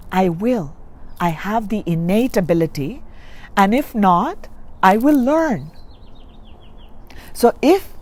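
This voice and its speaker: A woman's voice: medium pitch, mellow. A woman giving a spiritual reading, coaching listeners earnestly and repeating key points. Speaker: spiritual reader. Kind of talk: guided self-help reading.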